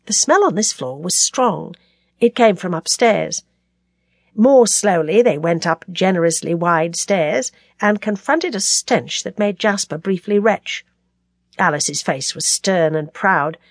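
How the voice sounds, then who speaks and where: Brief: woman audiobook narrator, expressive and animated, dry studio read. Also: lowish voice, unhurried, no echo. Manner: expressive, dramatic storytelling. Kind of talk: scripted novel narration.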